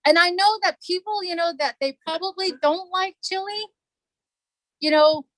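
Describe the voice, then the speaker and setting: High-voiced earnest woman council delegate. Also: moderate pace, fairly bright tone, no echo, rough recording. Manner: earnest, emotional, repeats herself for emphasis. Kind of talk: community meeting address.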